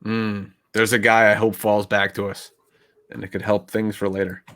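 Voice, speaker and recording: A man's voice: lowish voice, flat delivery, normal speed, a bit bright. A man co-hosting a casual sports podcast, conversational and asking questions. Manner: conversational, asks questions, plugs the channel. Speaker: podcast co-host. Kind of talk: casual fantasy football chat.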